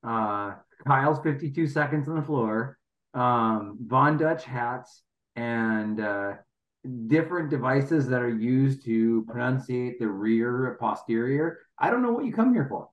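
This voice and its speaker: A man's voice: mid-range voice, lively intonation, measured pace. Dry-joking man in an echoey room. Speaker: podcast co-host. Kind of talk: casual podcast chat. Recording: echoey, dull lo-fi room audio.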